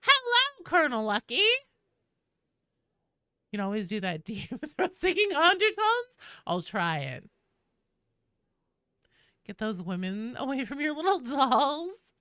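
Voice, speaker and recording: A young woman with a bright, forward, nasal voice, chatting casually with her stream audience. Her pitch swings widely as she reads chat and reacts between rounds. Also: very animated, measured pace, long pauses, clear, resonant tone, no echo, clean studio sound.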